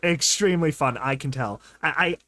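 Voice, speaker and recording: A young man doing excited, rambling commentary on a live stream, laughing often and calling his viewers dude and bro. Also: a little high, moderate pace, dry recording. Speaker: streamer reading a story with commentary.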